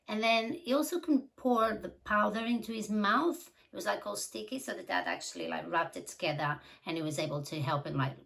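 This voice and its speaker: A woman telling a true crime story in a casual, chatty way, with giggly asides and some vocal fry. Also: mid-range voice, a bit bright, rough recording.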